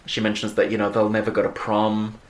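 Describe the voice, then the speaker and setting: A woman's voice: a bass voice, completely flat delivery, brisk, roomy sound. A woman hosting a podcast, casually recapping a film with many ums and frequent laughs. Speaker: podcast host.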